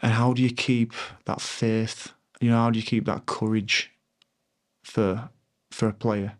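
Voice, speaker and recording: A man in his thirties, a former rugby player, talking reflectively and earnestly in a podcast interview, often pausing to find his words. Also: lowish voice, little pitch movement.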